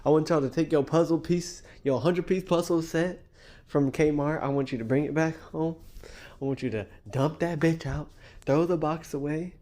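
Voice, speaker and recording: A man's voice: on the high side, steady tone, moderate pace, mellow, voice pushed up, lightly acted. A man voicing a smug male dating coach who lectures his viewers in a preachy, mocking way. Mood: swaggering.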